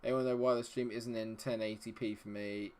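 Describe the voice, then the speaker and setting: A man's voice: lowish voice, little pitch movement, brisk, darkish tone. A man live-streaming a game, chatting with his viewers and muttering to himself while he checks settings. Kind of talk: live-stream commentary talking to chat.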